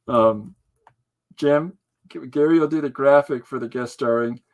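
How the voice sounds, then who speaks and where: A man hosts a loose, rambling podcast chat. His voice sits at an ordinary middle pitch. He jokes around, laughs often and keeps the talk light and goofy. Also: a little slow, lo-fi sound. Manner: jokey, laughs often, breaks into impressions. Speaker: podcast host.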